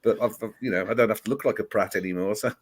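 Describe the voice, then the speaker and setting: A man's voice: fairly low pitch, rapid-fire, slightly rough. A man from England with a Birmingham accent, chatting casually in a blunt, self-mocking way. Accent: Birmingham English. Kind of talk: casual group chat.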